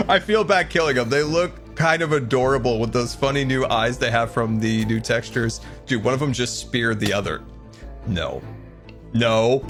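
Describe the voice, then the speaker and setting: A man's voice: medium pitch, normal speed. Guy doing game commentary, voice jumps all over the place, faint music behind. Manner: panicky, squealing, laughing while playing; relaxed, explaining a build. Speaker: Minecraft YouTuber. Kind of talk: gameplay commentary.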